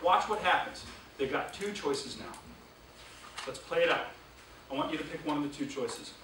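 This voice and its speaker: A male sales trainer leading a classroom training session, energetic and quizzing the class with questions. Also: fairly high pitch, normal speed. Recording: echoey room, distant mic, background noise.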